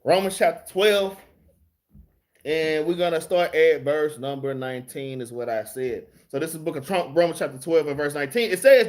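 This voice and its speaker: A man with a fairly high voice runs a casual Bible study into his phone. He talks streetwise and slangy, drops curses mid-lesson, and keeps calling his listeners y'all and man. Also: normal speed. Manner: slangy, streetwise, swears freely while preaching. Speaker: Bible class teacher.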